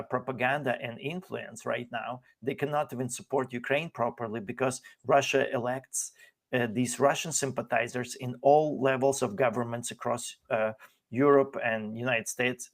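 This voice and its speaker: A man in a heated political discussion, indignant and sarcastic, halting often on fillers and restarts. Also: mid-range voice, fairly even intonation, creaky. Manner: indignant, sarcastic, mocks others in put-on voices. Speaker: podcast host.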